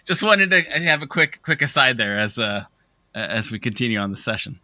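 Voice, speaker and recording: A man's voice: mid-range voice, animated, moderate pace, bright, forceful tone, no echo. A man co-hosting a tech show, speaking in a loose, rambling way that trails off. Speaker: show co-host. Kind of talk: casual chat.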